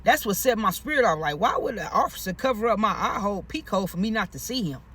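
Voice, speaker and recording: A man's voice: high-pitched, quick pace, slightly rough. A man telling a personal story in a casual monologue, with heavy profanity, slang and emphatic, repetitive phrasing. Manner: animated, emphatic retelling.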